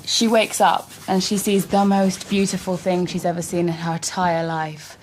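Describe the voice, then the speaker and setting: A woman's voice: lowish voice, level tone, normal speed, darkish tone, a little hiss or hum. A young woman interviewing in an eager, conversational way.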